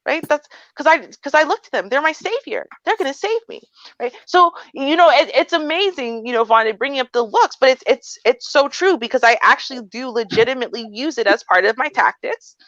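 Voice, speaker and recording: A woman's voice: high-pitched, fairly quick, no echo. Chatty woman with a dull, dry sound. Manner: animated storytelling, acts out a sweet confused voice. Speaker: co-host. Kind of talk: casual livestream chat.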